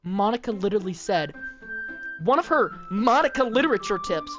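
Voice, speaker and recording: Casting: excitable woman let's-player, pitch swinging widely, game music behind. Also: normal speed. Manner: excitable and exclamatory, says "bro" often. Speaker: let's play streamer. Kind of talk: reactive gameplay commentary.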